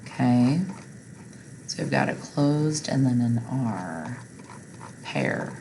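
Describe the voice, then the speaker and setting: A woman's voice: extremely low pitch, animated, takes it slowly, creaky, mellow, a little hiss or hum, rough recording. A woman teacher patiently walking learners through a recorded reading lesson step by step.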